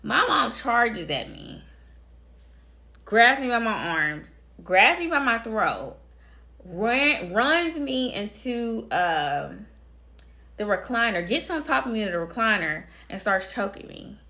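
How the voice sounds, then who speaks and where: A young woman recounts a personal story straight to camera. Her voice is bright and forceful, with a blunt, emphatic delivery that repeats phrases to drive each point home and keeps turning to speak right at her viewers. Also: fairly high pitch, big pitch swings, takes it slowly. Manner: addresses viewers directly. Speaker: storytime vlogger.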